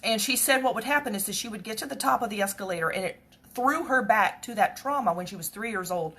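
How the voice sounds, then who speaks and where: A woman's voice: mid-range voice, fairly bright tone, husky. A woman earnestly retelling a personal story in a conversational, reflective way, with faith-based encouragement. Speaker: speaker sharing a personal story.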